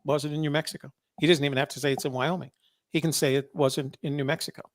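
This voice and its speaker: Gravelly-voiced man, wry and halting. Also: medium pitch, steady tone, no room sound, studio quality. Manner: wry, sarcastic asides, halting with many fillers. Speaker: podcast host. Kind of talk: casual commentary reading court filings.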